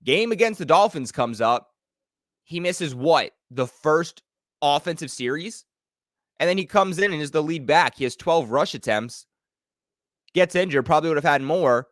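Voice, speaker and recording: A young man hosting a fan watch party, giving live play-by-play and reactions, calm in his breakdowns and yelling at big plays. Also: a little high, normal speed, no echo, studio quality. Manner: excitable, swings from calm analysis to yelling.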